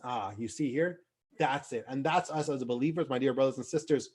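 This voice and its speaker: A man teaching an online youth class over a video call, lively and asking his students questions as he acts out quotes. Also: mid-range voice, a little fast, slightly rough. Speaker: Islamic teacher.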